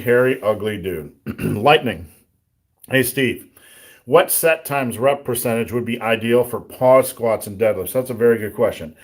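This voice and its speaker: A man hosting a live Q&A on strength training, blunt and joking, talking through a sore throat and clearing it often. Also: mid-range voice. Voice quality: throat-clearing, a bit rough. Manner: blunt, joking, plainspoken coaching. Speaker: livestream host answering viewer questions.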